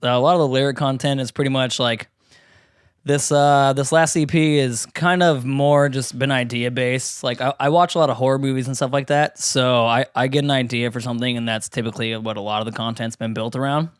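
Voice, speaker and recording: A man's voice: mid-range voice, fairly even intonation, fairly quick, clean tone, no room sound. Laid-back rambling man, band lyricist, says "dude" a lot, dry close sound. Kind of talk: casual podcast interview.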